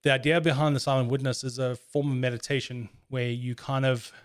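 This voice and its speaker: Guy talking it out, earnest and reflective, casual chat, normal pitch. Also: little pitch movement, a little fast.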